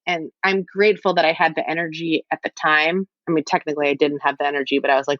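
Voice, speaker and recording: A woman's voice: deep voice, steady tone, fast, hardly any pauses, no echo, muffled recording. A woman talking as a podcast guest, frank and rambling with wry self-deprecating asides. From United States. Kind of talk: candid conversational interview.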